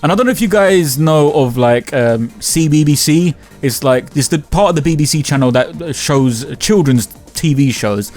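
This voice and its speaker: A man's voice: on the high side, moderate pace, hardly any pauses. A man telling a story casually, swearing and slipping into slang as he acts out what people said. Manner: animated, swears freely, slangy, acts out quotes.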